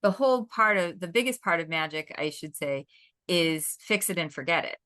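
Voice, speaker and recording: A woman's voice: lowish voice, expressive, normal speed, bright, forceful tone. A woman guest talking casually about folk magic, forthright and prone to repeating words as she talks. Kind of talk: casual interview chat.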